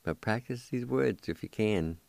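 Slow, deep-voiced man teaching Cherokee words. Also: animated, gravelly, a little mellow, dry recording. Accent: Oklahoma Cherokee. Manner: spells and repeats words slowly for listeners to write down. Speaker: Cherokee language teacher and radio host. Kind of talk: slow radio language lesson.

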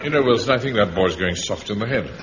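Guy doing a stuffy bossy captain barking orders, pitch bouncing all over, old dull radio tape. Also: lively intonation, fast talker, crowd noise, noisy background, close to an everyday voice. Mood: pompous. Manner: pompous, brusque, ordering others about. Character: pompous middle-aged captain, bossy and self-important. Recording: dull old radio recording, studio audience.

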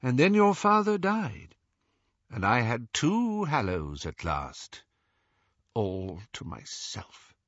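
A man voicing Dumbledore, old remorseful wizard, husky and soft. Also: medium pitch, huge pitch swings, no echo, muffled recording, voice pushed up, heavily acted. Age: older. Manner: soft, halting, confessional. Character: old male wizard mentor, remorseful and gentle.

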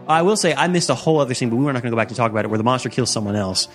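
Brief: man, mid pitch, rambling jokey movie-recap host, faint music behind. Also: lively intonation, very fast. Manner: rambling, jokey, acts out lines. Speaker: podcast host. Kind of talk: casual movie recap chat.

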